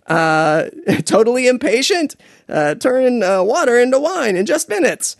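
A podcast host rambling through a comedic story with a lively, bouncing pitch. The delivery is digressive and jokey, full of fillers and side tangents, in a dry, close recording. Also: measured pace, no echo.

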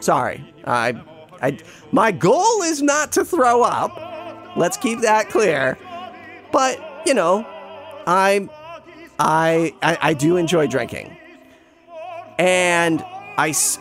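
High-voiced rambling storyteller man. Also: animated, measured pace, a bit bright, faint music behind. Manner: rambling and self-deprecating, many restarts, swears. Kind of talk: casual spoken anecdote.

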